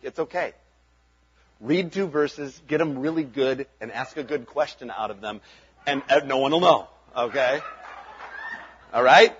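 A man's voice: on the high side, animated, moderate pace, muffled recording, slight background noise. A man preaching a sermon as pastor, talking in an earnest, conversational way and chuckling between points.

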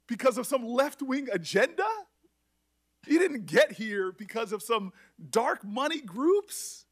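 A middle-aged man speaking at a hearing as a senator, emotional and halting, often restarting his sentences. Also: extremely high pitch, lively intonation, fairly bright tone. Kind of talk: emotional public address.

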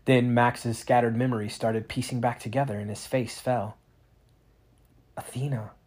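Husky-voiced man reading a storybook aloud. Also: medium pitch, normal speed. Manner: dramatic, expressive reading with rising emphasis. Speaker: narrator.

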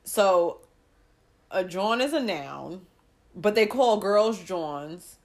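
Animated New York woman chatting. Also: medium pitch, extremely slow. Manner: animated, acts out quotes. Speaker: podcast co-host. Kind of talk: casual chat.

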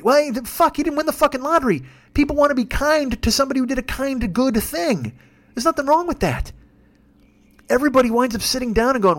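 Fast-talking, swearing man in his fifties. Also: very high voice, very animated. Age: 50s. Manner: heavy swearing, fired-up ranting. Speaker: podcast host. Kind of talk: solo ranting monologue.

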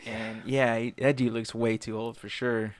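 A man is deep in an easy, rambling chat about a movie. He is laid-back and jumps into a higher voice whenever he quotes a scene. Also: flat delivery, normal speed, background noise.

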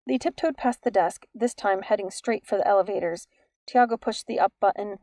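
A woman reading an audiobook in an even, measured storytelling manner. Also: medium pitch, dry recording. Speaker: audiobook narrator. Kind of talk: scripted narration.

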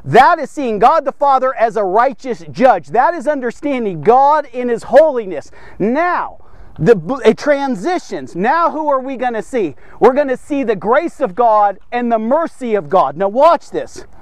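A man delivering a devotional sermon in a very high voice. He preaches with insistent emphasis, repeating himself and tossing in "okay?" over and over. The sound is close and dry. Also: big pitch swings, a little slow, no room sound. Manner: emphatic, repetitive, frequent "okay?".

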